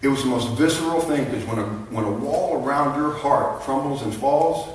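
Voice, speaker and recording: A middle-aged man telling an emotional personal testimony to a men's conference crowd, halting with many restarts. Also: mid-range voice. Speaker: conference speaker. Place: large conference hall. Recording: echoey hall, heard from a distance.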